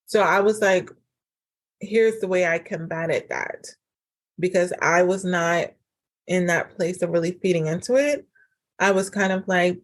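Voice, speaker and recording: A woman hosting a casual solo podcast as a relationship coach, chatty and animated, full of fillers. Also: lowish voice, a little slow. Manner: chatty and animated, acts out quoted dialogue; frequent fillers like "like" and "um".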